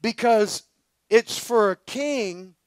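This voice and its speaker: A man with a high-pitched voice preaches at a conference, telling a story in a loose, slangy and energetic way. His voice is recorded dry and close, with no echo around it. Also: slow pace. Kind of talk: storytelling sermon.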